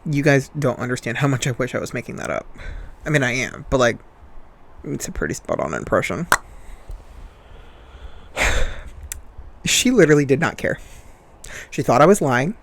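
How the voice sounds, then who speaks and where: A man's voice: medium pitch, very animated, normal speed, gravelly, pauses often. A young man hosting a podcast, retelling a personal story in an emphatic, at times heated way. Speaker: podcast host.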